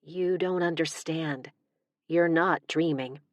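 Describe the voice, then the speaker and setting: A woman's voice: sits low, takes it slowly, dry recording. A woman narrator voicing an anxious young female witch who pleads urgently with her friend. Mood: pleading.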